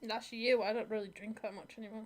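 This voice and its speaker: Higher-voiced woman explaining things. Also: flat delivery, fast talker. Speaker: co-host, host's wife. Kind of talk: casual livestream chat.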